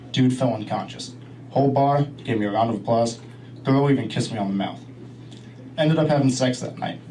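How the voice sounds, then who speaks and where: A man's voice: mid-range voice, darkish tone. A young man doing a stand-up set, mumbling, with his voice altered to hide who he is. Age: young adult. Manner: mumbling, looking down. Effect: voice altered to hide identity. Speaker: amateur stand-up comic. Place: comedy club stage. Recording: distant club recording with crowd and noise. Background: audience murmur and room noise.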